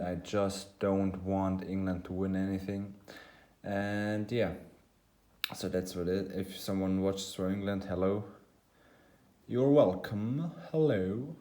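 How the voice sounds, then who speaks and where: Guy in his 20s rambling on his fitness vlog, deep voice, keeps fixing his own words. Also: a little mellow. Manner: rambling and halting, often correcting himself mid-sentence. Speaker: fitness vlogger. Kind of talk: casual vlog chat to camera.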